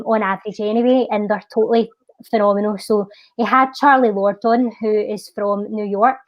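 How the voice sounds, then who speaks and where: A woman with a Scottish accent, pitched a little high, delivers spoken word poetry and casual chat in a lilting, heartfelt way. She eases her pace on the refrain. The sound is dry, with no room echo. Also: darkish tone, lo-fi sound. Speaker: guest poet.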